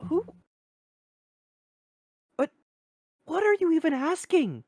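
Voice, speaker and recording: A man puts on a baffled woman in a tabletop game, her voice jumping up high and shrill as she stammers in exasperation. The delivery is slow and deliberate, and the room sounds dry and close. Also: very animated, no echo, exaggerated voice. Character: flustered bewildered woman being questioned.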